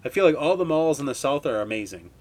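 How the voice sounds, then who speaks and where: A man's voice: a little high, very animated, fast talker, darkish tone. A man in his twenties from Wisconsin, hosting a podcast and telling stories in a rambling, heavily profane, laid-back way. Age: 20s. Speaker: podcast host. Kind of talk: casual storytelling monologue.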